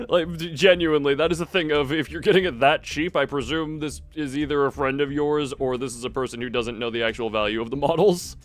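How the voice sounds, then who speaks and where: A man's voice: on the high side, steady tone, brisk, faint music behind. A man streaming a card game live, chatting with viewers in a wry, theatrical way. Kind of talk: live gameplay stream chat.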